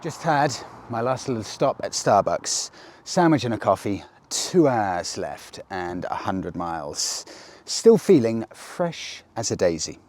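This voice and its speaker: A man talking casually as a motorcycle vlogger, telling a story in a chatty way, recorded outdoors by a road. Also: fairly low pitch. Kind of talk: casual vlog narration. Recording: outdoor noise.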